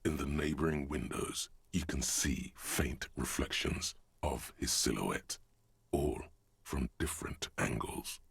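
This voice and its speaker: A man voicing a sardonic male inner narrator in a detective game, speaking with a dry, gravelly delivery. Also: extremely low pitch, slow pace, a bit bright, no echo, heavily acted. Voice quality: gravelly, husky.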